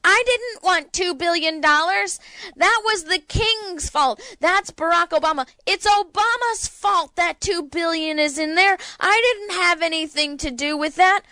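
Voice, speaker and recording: A woman's voice: very high-pitched, measured pace, sharp tone, dry recording, voice pushed up, heavily acted. A woman impersonating a whiny, evasive older male politician who pleads and denies all blame. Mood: whiny denial.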